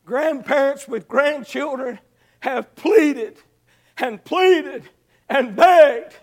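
High-voiced man preaching a fiery sermon. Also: slow. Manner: swings between shouted high-pitched exhortation and soft pleading. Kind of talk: evangelistic sermon.

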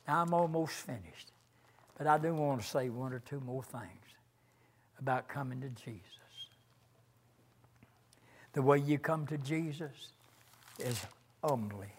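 An older man preaching a sermon in a slow, earnest way, reciting hymn lines with rising emphasis. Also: mid-range voice.

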